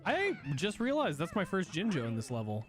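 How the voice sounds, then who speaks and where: This young man's voice is high-pitched and fairly quick, with huge swings in pitch. Streaming a game over background music, he chats casually, rambling, swearing freely and restarting his sentences to correct himself.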